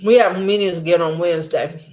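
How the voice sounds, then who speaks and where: A woman chatting casually to her camera at home late at night, blunt and quick to laugh, acting out her coworkers as she goes. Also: on the low side, fairly even intonation, a little mellow. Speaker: vlogger. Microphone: camera mic.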